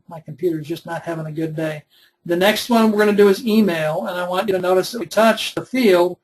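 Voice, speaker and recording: Webinar instructor: young man, high voice, casual step-by-step explaining. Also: slight background noise, poor audio. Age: 20s. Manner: conversational, explains step by step with fillers. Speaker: web development instructor. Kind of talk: recorded webinar demonstration.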